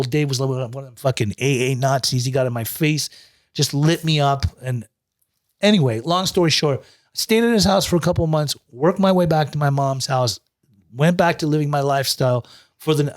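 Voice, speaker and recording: A recovery coach telling his story as a guest, in a profane, animated, streetwise way. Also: medium pitch. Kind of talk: casual storytelling.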